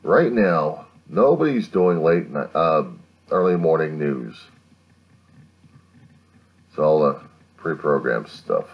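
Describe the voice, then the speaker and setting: A man's voice: extremely low pitch, expressive, takes it slowly, pauses often, breathy edge, dull audio. A man in his fifties from the United States, rambling through a late-night monologue to his own camera at home and keeping his voice down so he won't wake the neighbors. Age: 50s. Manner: keeps his voice down, musing and grumbling. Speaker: video diarist. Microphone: camera he set up himself.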